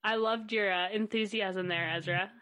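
A woman's voice: mid-range voice, fairly even intonation, moderate pace, bright, forceful tone. A woman hosting a casual podcast, upbeat and steering the conversation. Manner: upbeat, guiding. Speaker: podcast host.

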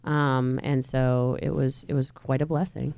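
A woman's voice: extremely low pitch, little pitch movement, unhurried, vocal fry, dark tone, smooth, dry recording. A woman with a Southern US accent co-hosting a podcast, chatty and cheerful. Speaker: podcast co-host. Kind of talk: casual podcast chat.

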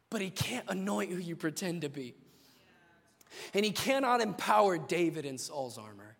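A young man preaching a sermon, impassioned, swinging between loud declarations and hushed asides, in a large church. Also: high voice, gravelly. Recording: long hall reverb.

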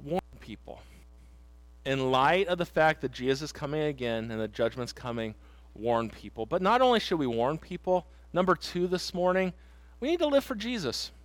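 A man's voice: fairly high pitch, very animated, moderate pace, no room sound. A middle-aged man preaching a sermon in a church, earnest and emphatic, telling stories and repeating his points. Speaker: pastor. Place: church sanctuary.

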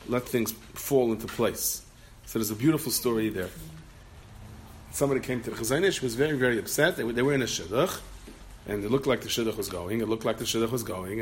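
A man, a rabbi, giving an animated Torah talk, telling a story and acting out the voices in it, with many Yiddish and Hebrew terms. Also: mid-range voice, slight background noise.

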